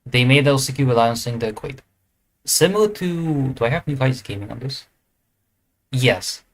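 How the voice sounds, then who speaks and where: His medium-pitched voice moves at a normal speed with lively intonation. He's putting together an esports tier list, chatting casually about teams, pausing on fillers and catching his own mistakes mid-thought.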